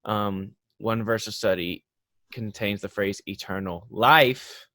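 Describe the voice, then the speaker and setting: A man hosting a casual podcast chat, rambling through examples and growing animated when he makes a point. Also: fairly low pitch, takes it slowly, no room sound. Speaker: podcast host.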